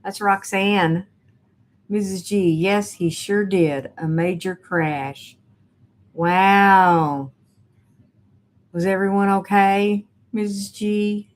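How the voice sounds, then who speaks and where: A woman's voice: medium pitch, fairly even intonation, drawn-out words, pauses often. A woman hosting a casual live stream, reading viewer comments aloud with sassy, teasing asides.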